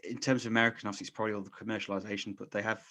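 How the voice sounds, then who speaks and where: A man's voice: on the low side, little pitch movement, very fast, sharp tone. A man hosting a podcast in casual chat, rambling, often restarting his sentences and laughing. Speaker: podcast host.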